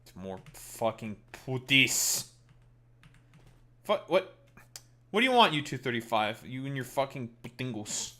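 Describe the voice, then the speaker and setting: A man's voice: medium pitch, big pitch swings, unhurried, pauses often, pushed and bright. A man streaming a game live, talking casually and ranting profanely at his chat.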